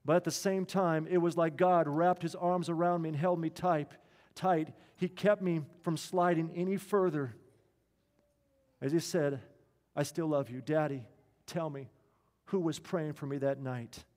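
A pleading young woman, remorseful and shaken, keeps repeating her questions, as a male preacher puts her on. The voice rings with a long hall echo, and the pitch sits a little high for a man. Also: steady tone, unhurried, a little mellow, lightly acted. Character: distraught young adult daughter, repentant.

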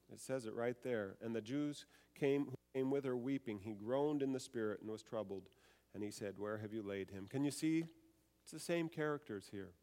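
A man's voice: mid-range voice, darkish tone, long reverb tail. A man preaching a sermon, reading scripture aloud, then explaining it and putting rhetorical questions to his listeners.

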